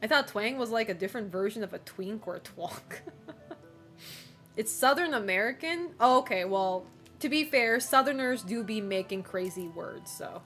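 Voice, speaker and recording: A woman's voice: mid-range voice, animated, normal speed, fairly bright tone, soft background music. A woman streamer chatting casually with her live chat, teasing viewers, swearing freely, and laughing often.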